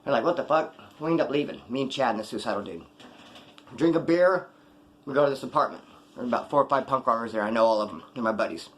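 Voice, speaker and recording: A man telling a story in a casual monologue, streetwise and profane, animated as he talks. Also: mid-range voice, fast talker.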